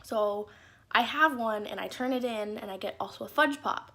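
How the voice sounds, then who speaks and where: A woman's voice: a little high, normal speed, sharp tone. Chatty young woman telling stories. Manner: chatty, lots of "like" fillers, acts out quotes. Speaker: YouTuber. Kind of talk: story time vlog.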